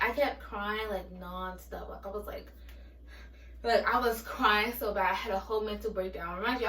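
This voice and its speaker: A woman's voice: medium pitch, a bit bright, slight background noise. Woman in her 20s rambling through a personal vlog story, kinda far from the mic, roomy echo. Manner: candid, rambling with many fillers and restarts. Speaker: vlogger.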